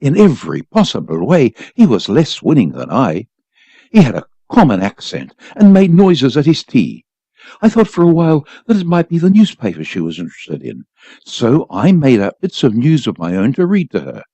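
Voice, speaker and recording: A man's voice: medium pitch, huge pitch swings, moderate pace, mellow, breathy edge, dry recording. A man reading a short story aloud for a volunteer radio program, telling it expressively.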